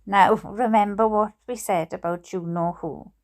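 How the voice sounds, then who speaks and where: A Welsh woman reading a bedtime book aloud, chatty and quick to laugh, with asides to her viewers. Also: medium pitch, steady tone, darkish tone.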